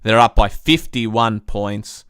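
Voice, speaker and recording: A man's voice: fairly low pitch, steady tone, slow, a bit bright, smooth. A young man hosting a live-stream football review, venting frustration with swearing as he recaps the game like a fed-up fan. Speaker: sports review host.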